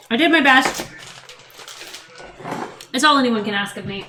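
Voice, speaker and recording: Woman, casual home cooking vlog, self-mocking chatter, slightly high voice, noisy kitchen recording. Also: expressive, moderate pace, pauses often, pushed and bright. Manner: chatty, self-mocking, muttering to herself while working. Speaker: parent baking at home.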